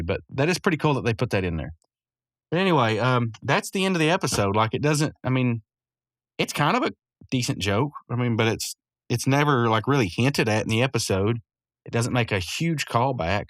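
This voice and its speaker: A man's voice: on the low side, fairly bright tone, no room sound, studio quality. Rambling, chuckling man recapping. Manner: rambling, chuckling, many fillers. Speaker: podcast host. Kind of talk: casual episode recap.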